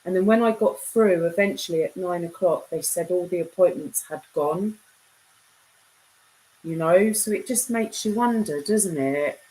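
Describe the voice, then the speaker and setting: A woman's voice: on the low side, a little slow, dark tone, poor audio. A woman chatting casually on a live stream, reading viewers' comments and bantering with them, laughing often.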